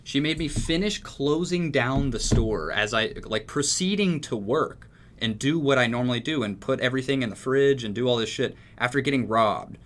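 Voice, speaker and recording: A man's voice: medium pitch, normal speed, fairly bright tone, slight background noise. A young man from Texas telling a story in casual chat, rambling and swearing freely. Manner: profane, rambling, laid-back. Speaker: music producer.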